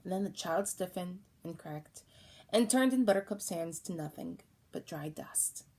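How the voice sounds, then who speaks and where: A woman reading a storybook aloud in a calm, even way, taking on voices for the characters. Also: on the low side, unhurried. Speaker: audiobook reader.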